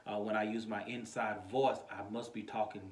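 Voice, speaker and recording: A man preaching an informal online sermon as pastor, talking in a chatty, animated way and chuckling now and then, recorded on a phone. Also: fairly low pitch, normal speed. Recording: echoey room.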